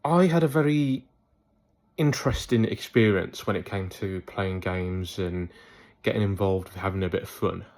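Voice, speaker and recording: Young man, low-pitched, rambling, chatty vlog storytelling. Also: normal speed, a little mellow. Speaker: YouTuber. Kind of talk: casual vlog monologue.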